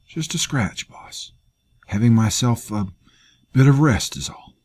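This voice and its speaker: A man's voice: medium pitch, animated, a little slow, darkish tone, pitched above the performer's own voice. A man voicing a wounded male fighter who jokes weakly through his pain, strained and gasping.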